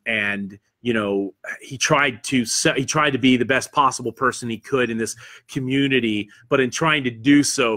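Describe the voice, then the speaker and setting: Bright-voiced Pennsylvania man hosting solo. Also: mid-range voice. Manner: rambling and self-deprecating, with frequent fillers and restarts. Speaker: convention podcast host. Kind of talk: solo livestream chat reading viewer comments. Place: studio.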